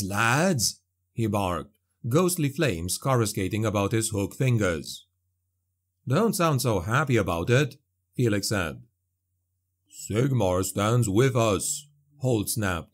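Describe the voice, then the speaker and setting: Guy narrating a grimdark fantasy audiobook, voice rises and falls a lot. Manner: dramatic storytelling with a lively, animated pitch.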